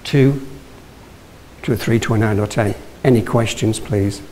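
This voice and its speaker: A man's voice: on the low side, measured pace, darkish tone, slight background noise, poor audio. A man from Yorkshire giving a motivational talk, telling stories and asking the audience questions, with frequent restarts. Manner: anecdotal, engages audience with questions; restarts and self-corrections. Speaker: guest speaker.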